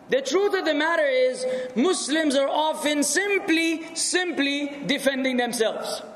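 High-voiced man lecturing in echoey hall. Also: a little hiss or hum. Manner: animated, rhetorical, rising to shouts. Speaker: speaker answering audience questions. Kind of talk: lecture Q&A with anecdotes.

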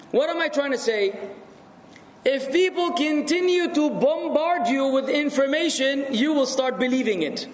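A man answering audience questions in a talk, animated and rhetorical, sometimes raising his voice. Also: very high voice, unhurried. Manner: animated, rhetorical, rising to shouts. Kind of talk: lecture Q&A with anecdotes. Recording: echoey hall.

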